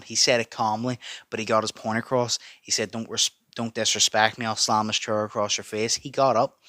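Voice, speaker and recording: A man's voice: lowish voice, bright, forceful tone, no echo. A man giving emphatic, sweary reaction commentary, repeating his points for stress. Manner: emphatic, repetitive, heavy swearing. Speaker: boxing commentary YouTuber.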